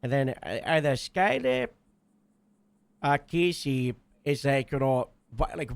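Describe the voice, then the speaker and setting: A man's voice: mid-range voice, sing-song, slow, creaky, no echo. A man telling a long story in character during a roleplay game, rambling with lots of filler and restarts.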